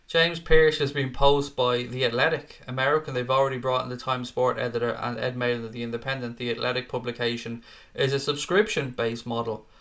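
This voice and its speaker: Bright-voiced sweary male stream host. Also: mid-range voice. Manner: sweary, reads viewer comments aloud. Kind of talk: casual live stream chat.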